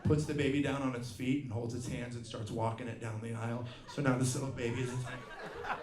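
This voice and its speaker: A man's voice: mid-range voice, a little fast. A middle-aged man doing a profane, ranting stand-up comedy set, acting out other people's lines, recorded live in a comedy venue. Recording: roomy live venue with crowd laughter.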